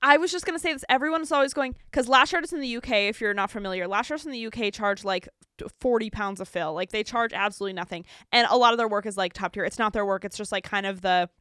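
A bright, crisp-voiced young woman co-hosting a podcast, talking in a bubbly, chatty way. Her sound is clean and dry, close to the mic. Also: medium pitch, fast talker, dry recording. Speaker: podcast co-host. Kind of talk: casual podcast chat.

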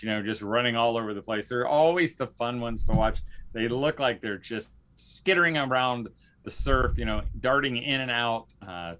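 A podcast host with a medium-pitched, fairly bright voice rambles casually through his show, full of fillers and restarts.

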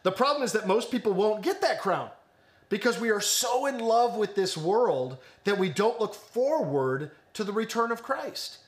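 A young man with a high voice preaches an online sermon. He talks earnestly and builds emphasis by repeating key phrases. His delivery swings between slow, weighty lines and quicker asides. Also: animated. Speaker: pastor.

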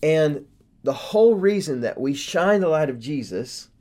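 A man's voice: fairly high pitch, animated, a little slow, dark tone. Earnest man explaining a faith lesson. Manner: earnest, explanatory, building points step by step. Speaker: podcast host. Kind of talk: casual faith podcast discussion.

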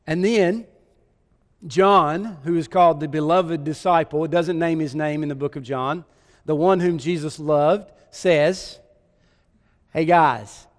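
A man's voice: on the high side, unhurried, big-room sound. A man preaching a sermon, telling the story with many rhetorical questions.

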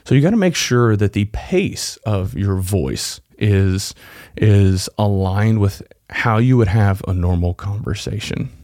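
A man's voice: on the low side, animated, a little slow, dark tone, no echo, studio quality. A man from Texas with a Texan accent, hosting a solo podcast and coaching listeners directly in a conversational way. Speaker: podcast host. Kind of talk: solo podcast tips talk.

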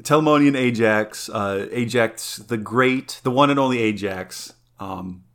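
A man's voice: mid-range voice, measured pace, fairly bright tone. A man co-hosting a podcast who talks earnestly and enthusiastically, often restarting his sentences. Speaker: podcast co-host. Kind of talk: casual chat.

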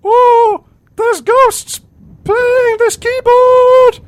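A man squealing as a shrill ghostly pop diva. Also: level tone, no echo, exaggerated voice. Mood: spooky. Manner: squealing, drawn-out, over the top.

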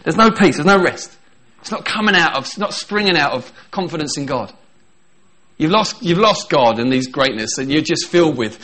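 A man preaching with lively energy, slipping into small acted voices for the people in his story and laughing as he goes. His voice sits a little higher than most men's. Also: moderate pace. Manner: animated, acts out quoted voices, laughs often. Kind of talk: sermon.

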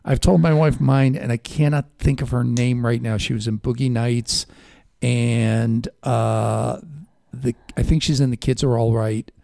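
A man's voice: medium pitch, fairly even intonation, measured pace, creaky, dark tone, no echo. A man with a Chicago accent hosting a radio show from a studio, chatty and self-deprecating. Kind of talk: casual talk radio banter. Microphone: studio microphone.

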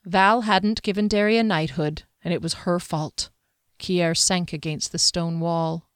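Smooth-voiced woman narrating a fantasy audiobook. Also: on the low side, fairly even intonation, unhurried, dry recording, studio quality.

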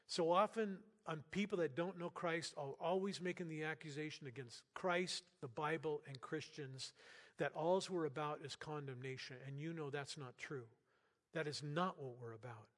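An older man preaching a sermon as pastor in a church, talking to the congregation in an earnest, conversational way with bursts of loud emphasis. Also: fairly high pitch, normal speed. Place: church sanctuary. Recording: long hall reverb.

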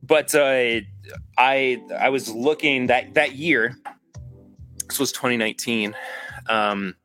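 A man's voice: medium pitch, takes it slowly, fairly bright tone, soft background music. A man hosting a podcast, chatting casually with live viewers. He says he is tired, and he rambles and corrects himself often. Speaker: podcast host.

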